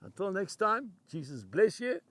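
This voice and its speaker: A male preacher delivering a devotional sermon with emphatic, punchy phrasing. He slows right down when he reads scripture. His voice is high and bright, recorded close and dry. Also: huge pitch swings, dry recording.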